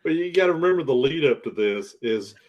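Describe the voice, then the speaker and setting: A man's voice: mid-range voice, animated, brisk, lo-fi sound. Chatty man recapping a movie. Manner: chatty, recaps plot eagerly. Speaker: podcast panelist. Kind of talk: casual film-review chat.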